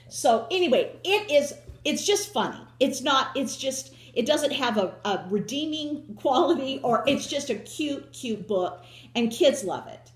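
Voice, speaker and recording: A woman's voice: on the high side, reverberant. A woman hosting a casual home chat, rambling with many restarts and drifting back with "so anyway". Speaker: host.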